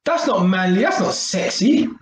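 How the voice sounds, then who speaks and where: A man's voice: high-pitched, sing-song, normal speed, reverberant, low-quality recording. A man giving a casual live-stream talk to his viewers, chatty and full of tag questions. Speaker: vlogger.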